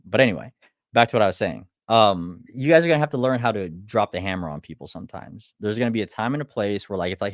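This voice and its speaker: A man's voice: on the low side, animated, fast talker, no room sound, clean studio sound. A young man, an online business coach, talking bluntly and with plenty of profanity on a casual livestream. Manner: blunt, profane, acts out clients' lines.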